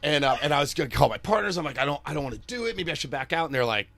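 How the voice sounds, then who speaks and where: A man's voice: a little high, very animated, rapid-fire, creaky, fairly bright tone, dry recording. A man, a chef hosting a podcast, chatting in a laid-back way, laughing often and swearing freely. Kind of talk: casual chat.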